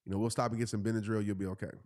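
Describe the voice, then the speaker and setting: A man, telling a story in a casual, animated way and jumping into high voices for the people he quotes. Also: rapid-fire, no room sound, clean studio sound. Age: 30s. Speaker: host.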